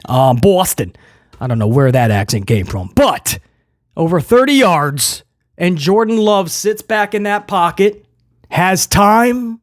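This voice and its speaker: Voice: medium pitch, big pitch swings, a little slow, no room sound, clean studio sound. A football fan giving a casual, sarcastic game review monologue as the show's host. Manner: sarcastic, joking and exasperated.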